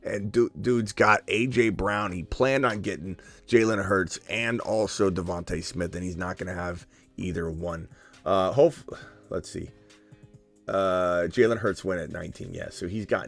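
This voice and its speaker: A man hosting a live stream, joking and excitable as he talks through his picks, sometimes dropping to a hushed whisper. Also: low-pitched, unhurried, creaky, dry recording, faint music behind. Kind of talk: casual live-stream commentary.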